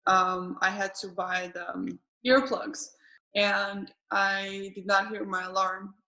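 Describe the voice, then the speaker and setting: Halting woman hosting a chat. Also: medium pitch, little pitch movement, bright, forceful tone, poor audio. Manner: halting, with frequent restarts and self-corrections; laughs readily while telling stories. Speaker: podcast host. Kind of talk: casual conversational interview.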